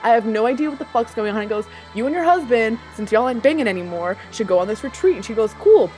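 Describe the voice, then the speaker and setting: A woman recaps a film in loose, profane chat, her pitch jumping around a lot as she rambles. Her voice sits a bit high, with music playing faintly behind her. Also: animated, fast talker, darkish tone. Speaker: podcast co-host. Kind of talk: casual movie recap chat.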